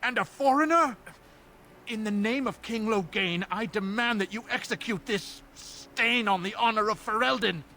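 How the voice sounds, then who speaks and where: An actor playing an indignant human noble who speaks in a haughty, outraged way. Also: male voice, high-pitched, normal speed, bright, forceful tone, slight background noise.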